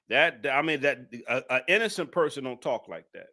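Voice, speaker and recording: A man talks through a live-stream commentary in a bright, forceful voice. He is emphatic, hammers his points again and again, and fires off indignant rhetorical questions. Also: a little high, lively intonation, normal speed, few pauses.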